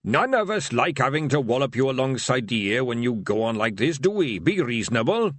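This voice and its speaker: A man's voice: mid-range voice, sing-song, brisk, fairly bright tone, dry recording, pitched above the performer's own voice. A man voicing a coarse male barbarian kidnapper who coaxes and bullies his captive. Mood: coaxing. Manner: bullying and coaxing.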